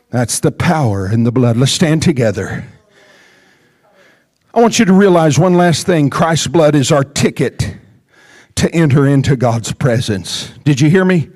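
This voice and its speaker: Shouting preacher, slow and fervent. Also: male voice, a little high, lively intonation, dry recording. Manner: preaching, rising to shouts and calls for response. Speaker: pastor. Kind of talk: sermon. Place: church sanctuary.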